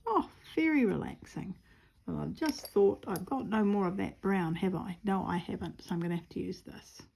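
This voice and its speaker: A woman's voice: on the low side, fairly quick, gravelly, warm tone, slight background noise. A woman with a New Zealand accent chatting casually and rambling while she stitches, with self-mocking humour. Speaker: craft vlogger.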